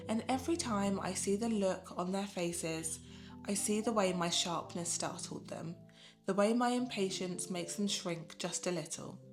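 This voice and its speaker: A woman with a slightly low voice narrates a reflective piece about motherhood in a soft, soothing, unhurried manner. Her words are scripted and calmly paced, like a voice-over. Music plays clearly beneath her voice throughout. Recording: voice-over with music playing underneath.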